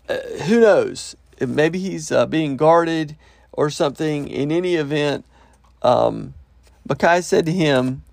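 Gravelly man reading and explaining scripture. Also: fairly high pitch, a little mellow, dry recording, clean studio sound. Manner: reads verses then explains them conversationally, with fillers. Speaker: Bible teacher.

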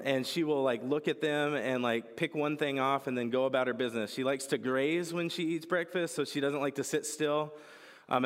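Joking young pastor in an echoing hall. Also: male voice, a little high. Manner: casual, joking, storytelling. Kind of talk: sermon. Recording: reverberant hall.

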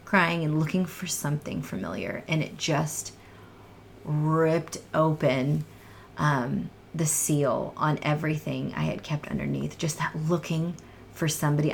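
Low, gravelly woman giving heartfelt testimony. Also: measured pace, a little hiss or hum. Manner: earnest, heartfelt, drops into soft near-whispers. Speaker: guest sharing her testimony. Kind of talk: emotional personal testimony in a podcast chat.

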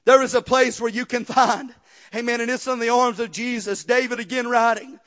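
High-voiced preacher, lo-fi. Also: male voice, little pitch movement, normal speed. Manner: preaching with rhythmic "uh" breaths, building to shouts; quiet storytelling testimony. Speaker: pastor. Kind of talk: sermon.

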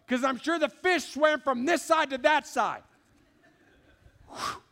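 A man's voice: very high voice, takes it slowly, long pauses, sharp tone. A man preaching a sermon in a church service, emphatic and conversational, talking straight to the congregation. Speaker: pastor.

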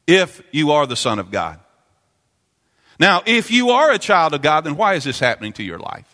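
A man preaching a sermon as pastor, repeating phrases and building to loud, fervent climaxes. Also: a little high, big pitch swings, moderate pace. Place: church sanctuary. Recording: long church reverb.

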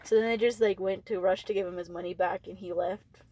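A young woman guesting on a podcast, telling a story in relaxed casual chat full of "like". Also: medium pitch, fairly quick. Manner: relaxed storyteller, uses "like" often.

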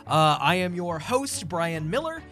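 A man's voice: sits high, very animated, unhurried, bright, forceful tone, soft background music. A man hosting a tabletop game show, upbeat and laughing often. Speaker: host. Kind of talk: show introduction.

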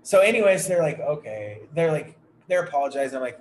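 In an echoey room with faint background noise, a podcast co-host speaks a little fast in a fairly high, expressive voice. He's chatting casually, spinning out a long, frustrated story laced with profanity.

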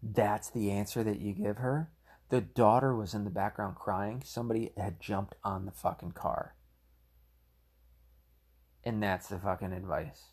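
A man's voice: lowish voice, steady tone, a little slow, darkish tone, breathy edge. A man giving a heated, rambling solo commentary, full of swearing. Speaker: political commentator.

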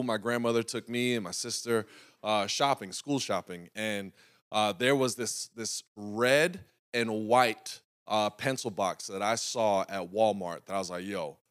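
A man's voice: fairly low pitch, clear, resonant tone. A young adult man, a pastor, preaching in a conversational storytelling style and often checking in with the congregation. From North Carolina. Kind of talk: sermon storytelling.

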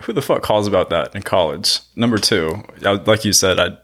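A man hosting a casual podcast, reacting with relaxed amusement and the odd swear. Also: lowish voice, moderate pace. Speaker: podcast host. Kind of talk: casual chat.

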